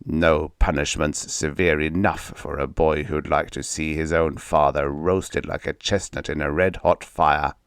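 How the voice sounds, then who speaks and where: A man reading the lines of a cruel, sneering stepfather slowly and menacingly. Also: extremely low pitch, fairly even intonation, clear, resonant tone, no room sound, clean studio sound. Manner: slow and menacing.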